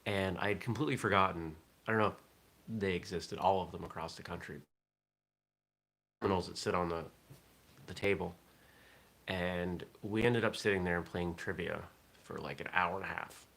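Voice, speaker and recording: A man's voice: deep voice, fairly even intonation, moderate pace, gravelly, long pauses, fairly bright tone. A man hosting a casual morning vlog, rambling and thinking aloud with fillers. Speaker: vlog host.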